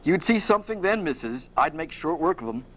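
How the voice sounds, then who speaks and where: A man reading aloud, voicing a boastful young hired hero in a rough, slangy manner. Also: fairly high pitch, normal speed, natural voice, low-quality recording.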